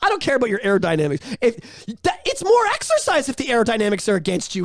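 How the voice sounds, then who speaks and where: A man, co-hosting a podcast and telling crude, animated stories. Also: high voice, quick pace, hardly any pauses, no echo, clean studio sound. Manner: animated, profane, breaks into shouted bits. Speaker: podcast co-host. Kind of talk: crude casual storytelling.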